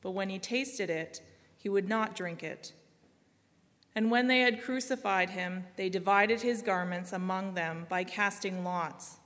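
A woman giving a solemn, measured scripture reading, slowing and softening at grave lines. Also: mid-range voice, in a large hall. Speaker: scripture reader.

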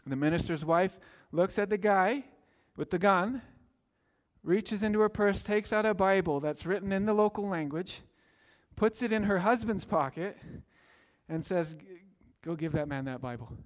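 A man with a notably high speaking voice delivers a sermon as pastor. He tells stories plainly, then lifts into earnest, emphatic calls to his listeners. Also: moderate pace. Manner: earnest preaching with rising emphatic exclamations.

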